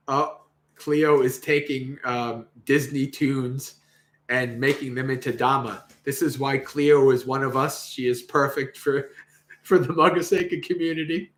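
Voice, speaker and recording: A man's voice: mid-range voice, fairly even intonation, slow pace, long pauses, a bit bright. A man hosting a livestream, reading a Buddhist sutta aloud and commenting casually, laughing often and acting out the quoted lines. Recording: roomy echo.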